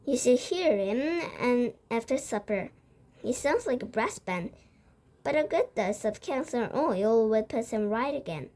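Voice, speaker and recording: A woman reading a storybook aloud and voicing an indignant, blustering father who shouts his lines. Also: on the high side, animated, unhurried. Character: blustering angry father, middle-aged man.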